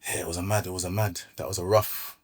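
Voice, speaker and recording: A man with a London accent tells his story in a relaxed, slang-filled way, often acting out what others said. His voice sits low and has a husky edge. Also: fast. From Brixton, London. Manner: laid-back street slang, recounts events with quoted dialogue. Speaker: podcast guest. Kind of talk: casual storytelling interview.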